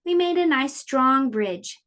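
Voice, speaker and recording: Woman, preschool teacher, storybook reading, slow, lively pitch, fairly high voice. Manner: sing-song and slow, explaining to small children.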